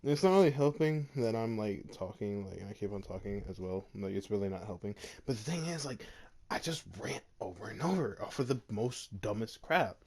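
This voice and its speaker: A man's voice: fairly low pitch, lively intonation, a little fast, a little mellow. A man in his bedroom retelling a fan story in a rambling, filler-heavy way, laughing often.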